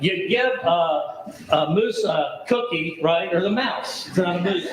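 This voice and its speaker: A man's voice: sits high, a little slow, reverberant, noisy background. A middle-aged man from the American South, a charity founder giving an enthusiastic, folksy welcome speech at an event. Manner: enthusiastic, folksy, rhetorical questions.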